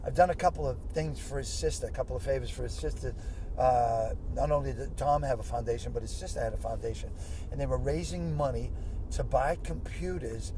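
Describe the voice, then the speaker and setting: An older man, a comedian telling excitable stories in a car, full of exclamations and restarts. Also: mid-range voice, brisk. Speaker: comedian guest. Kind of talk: storytelling in casual chat. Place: inside a moving car. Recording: car cabin road noise.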